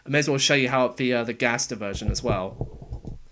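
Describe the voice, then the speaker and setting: A young man casually explaining how he made game voices, talking in a relaxed, halting way. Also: medium pitch. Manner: halting, relaxed, with fillers and restarts. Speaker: game voice actor and sound editor. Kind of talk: casual developer commentary.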